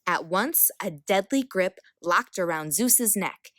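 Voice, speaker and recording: A woman reading a children's picture book aloud as a storyteller, expressive and unhurried. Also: medium pitch, no room sound, clean studio sound.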